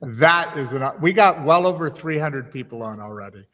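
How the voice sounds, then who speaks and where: Male interview host, talkative and rambling, a bit high-pitched, voice trailing into a long reverb. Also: lively intonation, normal speed, fairly bright tone. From United States. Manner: chatty, stumbling restarts. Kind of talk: livestream interview.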